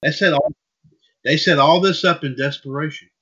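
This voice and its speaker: A man's voice: fairly high pitch, normal speed, pushed and bright, slightly rough. A man hosting a casual wrestling news podcast, rambling and repeating himself. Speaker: podcast host. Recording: dull lo-fi audio.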